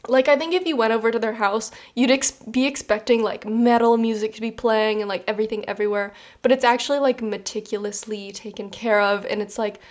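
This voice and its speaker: A young woman doing a casual pick-a-card tarot reading, chatty and animated, with many fillers and easy laughs. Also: on the high side, brisk, hardly any pauses. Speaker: tarot reader.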